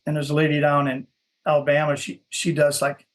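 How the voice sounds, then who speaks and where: This man's voice is fairly high and monotone, and he talks fairly quickly. He's a dog breeder from Minnesota telling stories in a casual interview, rambling and repeating words while he hunts for what to say.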